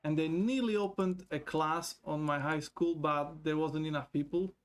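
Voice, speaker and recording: A man chatting on a live stream in a loose, rambling way, his voice sitting a little high for a man. He swears freely, laughs often and reads viewers' messages aloud from a desk mic. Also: fairly even intonation, moderate pace. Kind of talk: casual live-stream chat.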